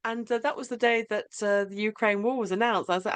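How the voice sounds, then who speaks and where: A woman hosting a podcast over a video call, chatting in a halting way with many restarts. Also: medium pitch, fairly even intonation, smooth. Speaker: podcast host. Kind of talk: casual conversation.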